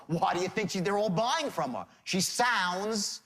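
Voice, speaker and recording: A man's voice: sits high, normal speed, hardly any pauses, fairly bright tone. A man teaching sales in a seminar lecture, emphatic, quizzing the audience and answering himself. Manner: emphatic, asks the audience questions and answers them. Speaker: sales trainer.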